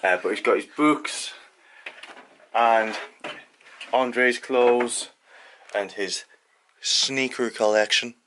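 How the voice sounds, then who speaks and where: Man, casual home vlog, teasing, a bit breathless, middling pitch, faint noise. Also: extremely slow, long pauses. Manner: jokey, teasing, lively. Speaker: vlogger. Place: child's bedroom at home.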